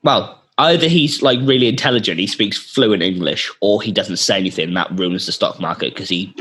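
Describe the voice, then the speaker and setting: A man co-hosting a comedy podcast, chatting excitedly and often trailing off mid-thought. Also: lowish voice, brisk, a little hiss or hum. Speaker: podcast co-host. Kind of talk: casual comedic chat.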